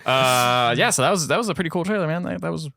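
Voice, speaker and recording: A man's voice: on the high side, animated, quick pace, vocal fry, pushed and bright, dry recording, studio quality. A man co-hosting a gaming podcast in laid-back casual chat, often saying "man". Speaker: podcast co-host.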